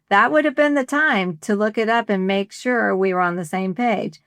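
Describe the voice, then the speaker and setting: A woman's voice: medium pitch, moderate pace, hardly any pauses, a bit bright, clean tone, no room sound, studio quality. A middle-aged woman co-hosting a faith-based podcast, telling a story in a conversational way and acting out the quoted dialogue. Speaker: podcast co-host.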